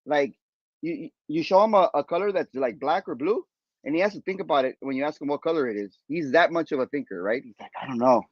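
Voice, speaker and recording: A man hosting a podcast, retelling a story in a rambling, animated way with lots of fillers and restarts. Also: on the high side, fast, no room sound, muffled recording. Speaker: podcast host. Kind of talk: casual storytelling chat.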